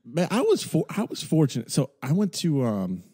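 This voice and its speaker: A man co-hosts a podcast and keeps teasing his guests. His husky voice leaps across a very wide pitch range. His jokes land in an easy, casual flow. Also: wildly swooping pitch, moderate pace, warm tone. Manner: teasing, jokey. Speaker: podcast co-host. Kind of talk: casual chat.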